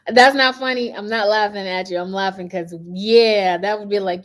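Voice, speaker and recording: A woman's voice: mid-range voice, moderate pace. A middle-aged woman hosting a casual spiritual talk, telling stories with animation and a preachy edge. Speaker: host.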